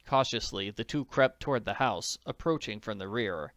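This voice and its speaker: A man narrating an audiobook in a measured, steady reading voice. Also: lowish voice, no room sound, studio quality.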